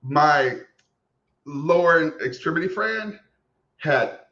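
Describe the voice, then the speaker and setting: A sassy, animated man tells a raunchy story on a casual podcast. His voice sits a bit high. The recording sounds a little dull and lo-fi. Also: slow, echoey room. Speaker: podcast co-host. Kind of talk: casual chat, comic storytelling.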